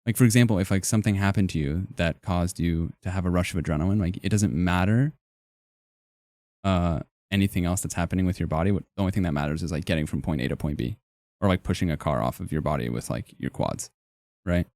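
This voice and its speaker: A man's voice: sits low, quick pace, darkish tone, dry recording, clean studio sound. A young man streaming live, chatting casually and joking as he reacts to his chat in a rambling way.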